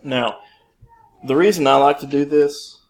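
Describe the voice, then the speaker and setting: A man in his thirties giving a relaxed, rambling coding lesson with many fillers and restarts. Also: on the high side, measured pace. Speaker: teacher. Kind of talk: screen-recorded coding lesson.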